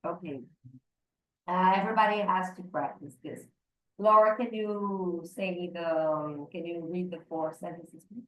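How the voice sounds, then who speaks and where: A woman teaches an English lesson in a lowish voice, stopping and restarting as she explains. She sits back from the mic in an echoey room. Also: unhurried, distant mic. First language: Portuguese. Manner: hesitant, many fillers and restarts. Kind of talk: online class explanation.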